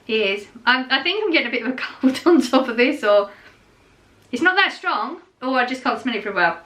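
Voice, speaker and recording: Middle-aged woman, vlogger, relaxed rambling chat to camera, voice sitting a touch high. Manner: chatty and rambling, with many fillers and restarts.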